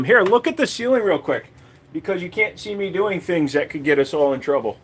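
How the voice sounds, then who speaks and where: A man's voice: fairly high pitch, sing-song, fairly quick, fairly bright tone, slight background noise. Joking, foul-mouthed live streamer man. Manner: crude, joking, swears freely, talks to his dog and chat. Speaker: streamer showing his gun collection. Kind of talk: casual live stream chat.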